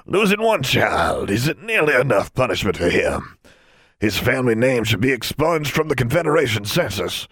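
A man's voice: mid-range voice, sing-song, moderate pace, fairly bright tone, husky, no echo, voice pushed up. A man voicing a hateful, very old male wizard who speaks in a dry, conversational tone. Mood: contemptuous.

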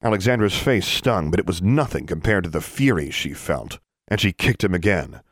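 Deep-voiced male audiobook narrator. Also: moderate pace, no echo. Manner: expressive storytelling. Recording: dry close studio sound.

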